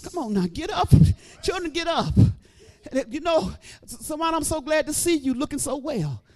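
Older man, church preacher; fervent, exhorting delivery that swells to shouts; very high register. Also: very animated, moderate pace. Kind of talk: preaching sermon.

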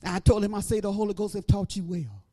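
A woman preaching a sermon, starting low and quiet and rising to shouted, sing-song lines with rhythmic repeats. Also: fast talker.

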